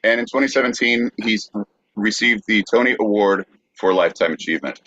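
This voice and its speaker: A man co-hosting a podcast, reading off facts with many pauses in casual chat. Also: fairly low pitch, pushed and bright, dry recording. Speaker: podcast co-host. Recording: dull, dry lo-fi mic.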